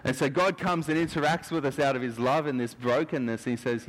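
A man's voice: medium pitch, fairly even intonation, brisk. A man preaching a sermon in an earnest, questioning manner. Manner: earnest, searching, asks many questions. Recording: long hall reverb.

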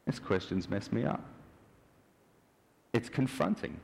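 A man's voice: mid-range voice, moderate pace. A man preaching a sermon in an earnest, questioning manner. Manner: earnest, searching, asks many questions. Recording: long hall reverb.

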